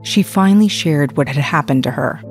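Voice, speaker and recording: Lower-voiced woman narrating a documentary. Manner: measured, even reading. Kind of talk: scripted narration. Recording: faint music underneath.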